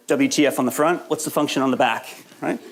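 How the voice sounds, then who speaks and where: A man's voice: mid-range voice, slight background noise. A man giving a live training lecture to a workshop audience, getting over a cold, talking in a conversational, jokey way and often checking in with "right?". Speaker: workshop presenter.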